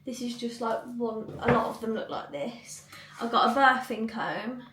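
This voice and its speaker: A woman's voice: on the high side, normal speed, roomy sound, distant mic, noisy background. A young woman vlogging in casual chat at home, rambling, with lots of likes and ums. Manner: chatty, rambling, many fillers. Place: cluttered home room.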